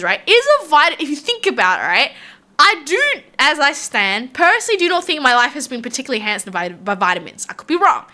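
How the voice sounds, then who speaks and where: Animated Australian woman chatting on stream. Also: sits high. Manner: chatty and rambling, laughs often. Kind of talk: casual chat with viewers.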